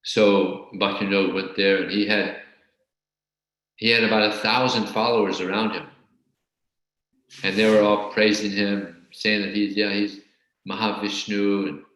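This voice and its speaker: A man teaching a scripture class and telling a story in a halting way, often repeating words. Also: lowish voice, a bit bright. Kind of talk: storytelling religious lecture. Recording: very echoey room.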